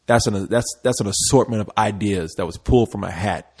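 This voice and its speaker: A man's voice: lowish voice, a little fast, a little mellow. A man co-hosting a casual podcast, talking bluntly and swearing freely. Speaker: podcast co-host. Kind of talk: casual chat.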